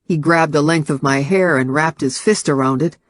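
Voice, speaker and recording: A man reading a first-person novel aloud as audiobook narration, in a measured, steady storytelling manner on a close studio mic. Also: on the high side, no echo.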